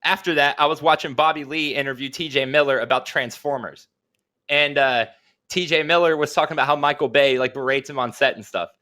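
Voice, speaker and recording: A man's voice: on the high side, a little fast, pushed and bright. A young man co-hosting a casual podcast, telling rambling stories, laughing often and trailing off mid-sentence. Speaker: podcast co-host. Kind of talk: casual chat.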